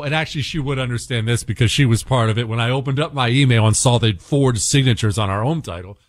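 A man's voice: medium pitch, animated, brisk, hardly any pauses, dry recording, clean studio sound. A middle-aged man hosting a radio talk show, chatting casually and teasing as he tells stories and reads ads. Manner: sarcastic, playful, teasing storytelling. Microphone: studio microphone.

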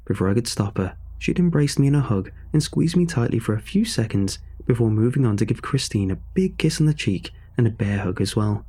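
A man narrating a horror story in a measured, suspenseful way. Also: medium pitch, animated, warm tone, husky.

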